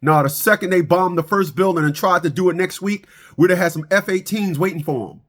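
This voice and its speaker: A man's voice: high voice, a little fast, fairly bright tone. A middle-aged man giving a preachy monologue about fathers and child support, often stammering and repeating words as he restarts. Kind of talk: animated monologue to camera.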